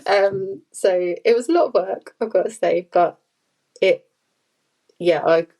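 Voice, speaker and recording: A woman with a mid-range, warm voice speaks a little slowly on a low-quality recording. She's a food photographer guesting on a podcast, chatting and rambling in a casual interview full of fillers and light laughter.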